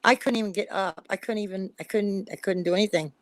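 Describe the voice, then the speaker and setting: A woman's voice: medium pitch, quick pace, dry recording. A woman talking as a guest psychic reader on a live stream, emphatic and repetitive, pleading with her listeners. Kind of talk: emotional casual live-stream talk.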